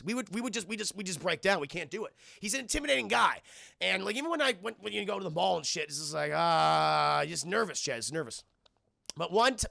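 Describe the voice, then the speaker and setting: A young adult man, a streamer host, telling stories in an animated and profane way to his chat during a casual film review. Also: a little high, gravelly, dry recording, clean studio sound.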